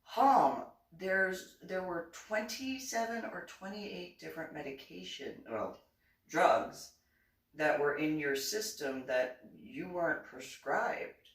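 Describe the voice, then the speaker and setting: A blunt male army sergeant, as a woman quotes him in her story, firing off brusque questions in a lowered, slow voice. The sound is roomy, with the mic set some way off. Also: expressive. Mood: questioning. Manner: brusque, interrogating. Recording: roomy echo, mic at a distance.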